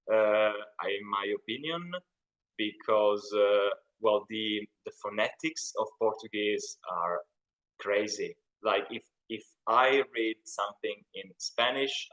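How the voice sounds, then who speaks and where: Chatty Italian man with a bright voice. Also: fairly low pitch, low-quality recording. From Italy. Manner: chatty, rambling, reads out chat comments. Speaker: YouTube channel host. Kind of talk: live stream Q&A, casual chat.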